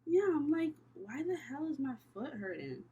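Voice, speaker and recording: A woman's voice: high voice, sing-song, normal speed, mellow, muffled recording. Chatty, candid young woman reading tarot. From Canada. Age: young adult. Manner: candid, profane and chatty, thinking aloud. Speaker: tarot reader. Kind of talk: casual tarot reading vlog.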